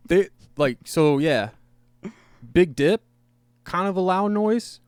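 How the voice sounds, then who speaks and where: A man's voice: high-pitched, lively intonation, takes it slowly, a little mellow, clear, resonant tone, no echo. Casual, profane male podcast storyteller. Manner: rambling, profane, laughing at his own story. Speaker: podcast host. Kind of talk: casual storytelling among friends.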